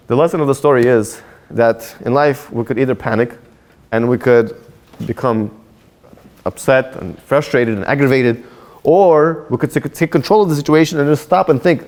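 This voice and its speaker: A man, a rabbi, telling a story and drawing a life lesson from it in an animated way. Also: mid-range voice, brisk. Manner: animated storyteller, repeats himself when excited. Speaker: rabbi teaching a Torah class. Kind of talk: storytelling sermon with a moral lesson.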